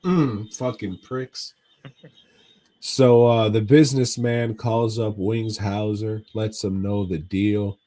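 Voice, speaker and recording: A man's voice: lowish voice, steady tone, takes it slowly, dark tone. A man co-hosting a podcast, recapping a movie in casual chat as a profane, rambling storyteller. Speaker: podcast co-host.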